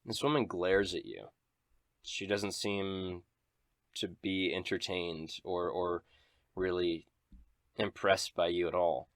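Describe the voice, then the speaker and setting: A man's voice: deep voice, fairly even intonation, takes it slowly, long pauses, dry recording, studio quality. A man narrating a tabletop game as game master, with descriptive, dramatic narration.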